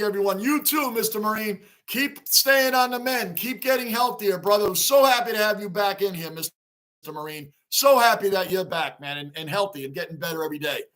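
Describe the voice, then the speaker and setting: A man hosting a fan livestream, reacting emotionally to a game loss and greeting viewers in chat by name. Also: high-pitched. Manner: emotional, animated, talks straight to chat. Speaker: livestream host.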